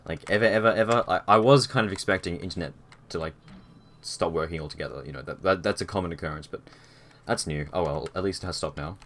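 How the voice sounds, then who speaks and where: Deep-voiced young streamer. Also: male voice, fast, fairly bright tone. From Australia. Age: young adult. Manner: rambling and easygoing, with many fillers and restarts. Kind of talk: casual live-stream chat. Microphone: headset.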